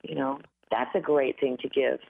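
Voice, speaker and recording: A woman talks through a thin, phone-like line, her voice a bit groggy and dry after a red-eye flight. She chats easily as a guest, with fillers and quick laughs along the way. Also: extremely low pitch, steady tone, creaky, breathy edge. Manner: chatty, laughs often, many fillers. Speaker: singer and guest. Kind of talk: casual interview chat. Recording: tinny phone-line audio.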